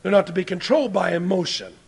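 A man preaching a sermon, moving between loud emphatic points and quiet asides to the congregation. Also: sits high, fast talker, creaky, breathy edge.

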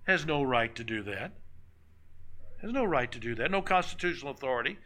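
A man's voice: medium pitch, expressive, fairly quick, sharp tone, poor audio. A man preaching a sermon in a church, speaking conversationally with anecdotes and repeated phrases. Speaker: pastor. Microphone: microphone on a stand.

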